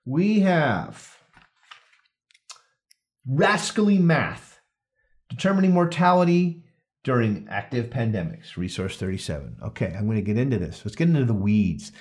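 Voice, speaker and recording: A man's voice: medium pitch, a little slow, long pauses. A man hosting a casual podcast, reading through a study with jokes and frequent self-corrections. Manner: animated, joking, often restarts and corrects himself. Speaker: podcast host.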